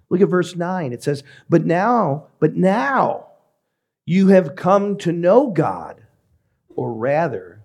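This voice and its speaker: A man who is a pastor, preaching a sermon in a measured, emphatic way with deliberate pauses. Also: a little high, gravelly, warm tone, breathy edge.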